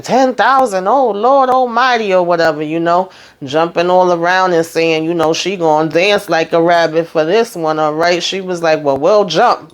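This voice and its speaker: A woman recapping a TV episode in a casual, animated way from a hot room at home. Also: on the low side. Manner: chatty, animated, talks to viewers with "honey" and "okay". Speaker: TV recap host.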